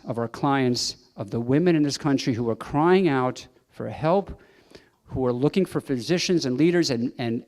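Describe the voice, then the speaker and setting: A man's voice: medium pitch, a little mellow. A middle-aged man, a doctor, giving an earnest, emphatic speech at a banquet, now and then chuckling at his own asides. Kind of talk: public speech. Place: banquet hall.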